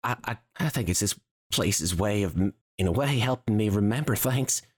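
A man voicing a young female flying elephant creature who is frightened and crying, stammering and pleading with a husky voice. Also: lowish voice, animated, moderate pace, dry recording, studio quality, voice pushed up. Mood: haunted. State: crying, shaky.

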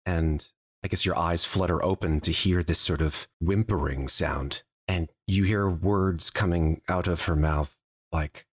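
A game master narrating a tabletop game in a very deep, husky voice. He describes each scene at length and softens it with hedging asides. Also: measured pace.

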